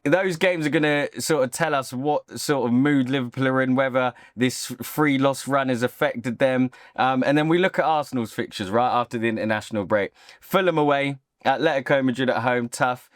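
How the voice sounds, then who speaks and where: A man's voice: medium pitch, normal speed, no echo, studio quality. A man hosting his own football channel, giving an opinionated, casual reaction monologue. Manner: opinionated, talks straight to camera.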